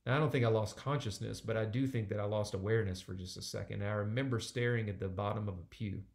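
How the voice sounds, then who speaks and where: A man's voice: fairly low pitch, fairly even intonation, quick pace, gravelly. A man in his forties preaching a sermon, talking conversationally and driving points home with emphatic repetition. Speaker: pastor.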